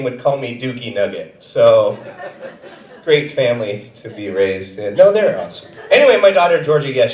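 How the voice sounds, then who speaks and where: A man in his thirties doing a stand-up set, self-mocking and often dropping into quiet asides. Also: medium pitch. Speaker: stand-up comedian. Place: comedy theater stage. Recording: echoey theater, far from mic.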